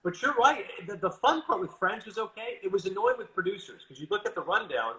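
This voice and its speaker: A Canadian man telling stories in a casual interview, animated and quick, acting out what others said. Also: sits high, echoey room, low-quality recording. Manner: animated, quick, quotes others in lively asides. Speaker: guest broadcaster.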